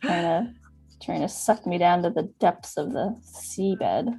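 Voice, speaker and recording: A woman's voice: on the low side, expressive, slow pace, gravelly, warm tone, slightly rough, dry recording, soft background music. A young woman guest artist chatting casually on a livestream, bubbly and giggly.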